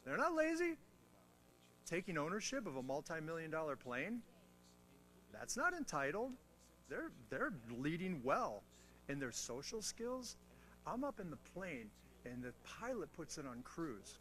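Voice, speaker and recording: A man's voice: on the high side, normal speed, a little hiss or hum. A man giving a motivational talk on mentoring to a military audience, telling stories with playful asides and teasing humor. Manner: animated storytelling with self-mocking asides. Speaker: guest speaker on mentoring.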